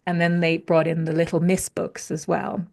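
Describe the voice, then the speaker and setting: A woman's voice: sits low, level tone, moderate pace, vocal fry, darkish tone. A woman guest in a casual podcast conversation, telling stories and acting out her inner voices with animation. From UK or Ireland.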